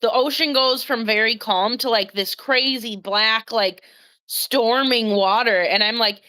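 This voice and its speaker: A woman's voice: on the high side, measured pace, pushed and bright. A woman co-hosting a live stream, telling a story in a rambling, hesitant way. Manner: rambling, hesitant, with many fillers and restarts. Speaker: co-host, the host's sister. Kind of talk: casual storytelling chat.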